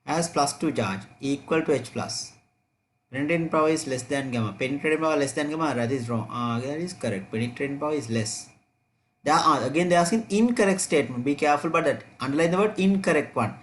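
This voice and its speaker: A male chemistry teacher runs an online revision class, drilling each point by saying it again and again. His voice sits a touch high for a man. A faint hiss runs under the recording. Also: fast. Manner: repetitive, drilling key points, checking answers aloud.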